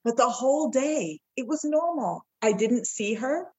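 Woman guest telling her story from the heart, kinda husky breathy voice, acts out what people said. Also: a little high, animated, a little slow, dark tone, low-quality recording. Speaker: podcast guest. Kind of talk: personal storytelling in a podcast interview.

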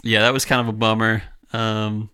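A young man co-hosting a podcast, chatting in a relaxed, rambling way with lots of fillers. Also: on the low side, moderate pace, clear, resonant tone. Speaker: podcast co-host. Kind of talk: casual chat.

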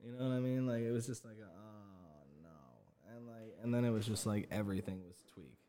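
A man's voice: medium pitch, fast talker, mellow. A young man, a podcast guest, chatting casually and telling rambling stories with lots of laughter and acted-out quotes. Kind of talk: casual chat.

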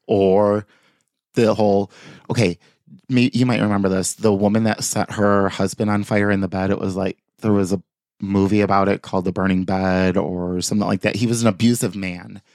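Low-voiced man in casual podcast chat. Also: little pitch movement, normal speed, a little mellow, no echo, clean studio sound. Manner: laughs often, tells loose anecdotes with restarts. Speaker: podcast co-host.

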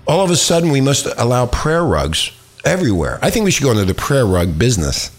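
A man's voice: mid-range voice, wildly swooping pitch, quick pace. A man hosting a crude, casual talk radio show, rambling with lots of fillers and restarts.

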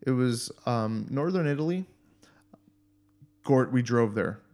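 A man's voice: mid-range voice, takes it slowly. Man telling stories, casual chat. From United States. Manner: animated storyteller, swears freely.

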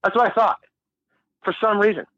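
A man's voice: sits high, moderate pace, a bit bright, no echo, dull audio. A man telling a long, rambling story in a casual interview, laughing and swearing freely. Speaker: musician guest.

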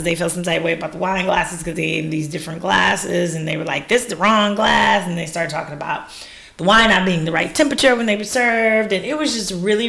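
A woman who runs wine classes, talking on a podcast in a lively, laughing, exclamatory way. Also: lowish voice, creaky. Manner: animated, laughing, exclamatory storyteller. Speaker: wine educator and business owner. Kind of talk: casual podcast interview.

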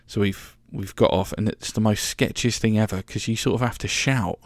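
A man in his twenties or so tells a travel story in a loose, chatty way, swearing and restarting often. His voice is lowish and gravelly. The recording is dry and close. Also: steady tone, moderate pace, no echo. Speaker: podcast host. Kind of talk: casual storytelling monologue.

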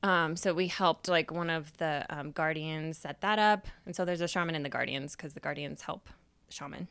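A young adult woman and podcast host telling a personal story in a casual, animated way, swearing freely and acting out her own past remarks. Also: deep voice, moderate pace, clear, resonant tone, no echo.

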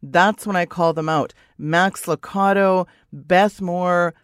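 Female radio co-host, indignant and blunt, lower voice, dry close recording. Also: fairly even intonation, slow, smooth, no echo. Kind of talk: conservative Christian radio talk.

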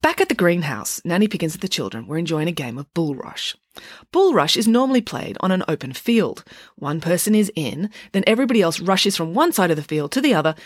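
A woman narrating a children's storybook in a wry, expressive way. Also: lowish voice, husky, no room sound, studio quality. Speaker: audiobook narrator.

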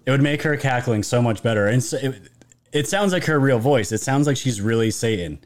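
A man hosting a political commentary channel's live stream talks casually to his viewers, rambling and restarting often. His voice is medium in pitch and brisk.

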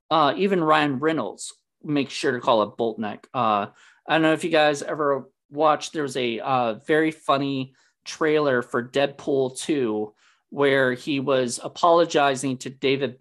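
A man's voice: medium pitch, fairly bright tone. A man hosting a casual movie discussion, rambling with many fillers and restarts. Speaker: podcast host.

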